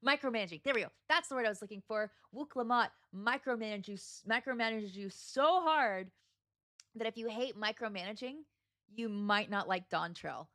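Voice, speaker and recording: A woman's voice: on the high side, moderate pace, a bit bright, no room sound. A woman chatting casually with her livestream viewers while she plays, greeting them by name. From United States. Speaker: streamer. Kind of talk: casual gaming livestream chat.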